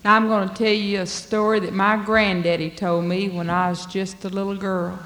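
A woman's voice: mid-range voice, little pitch movement, moderate pace, fairly bright tone. A woman telling a folk tale in a drawling, dialect-rich way. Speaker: storyteller. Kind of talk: folk storytelling performance. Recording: long hall reverb.

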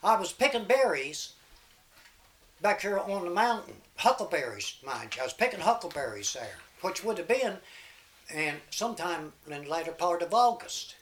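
A man's voice: high voice, very animated, moderate pace, fairly bright tone, a little hiss or hum. An older man telling folk tales and tall tales in a rambling, folksy way. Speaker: storyteller.

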